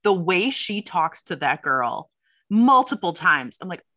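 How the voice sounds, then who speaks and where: Bright, lively woman in blunt banter. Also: fairly low pitch, measured pace, no echo. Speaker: podcast co-host. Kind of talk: casual movie chat.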